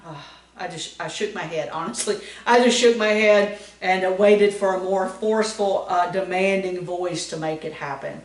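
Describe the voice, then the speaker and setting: A middle-aged woman telling personal stories in a devotional talk, acting out what people said with lively energy. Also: normal speed. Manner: animated storytelling, acting out quoted lines in a higher, louder voice. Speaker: Christian educator giving a devotion. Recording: roomy, voice a bit far from the mic.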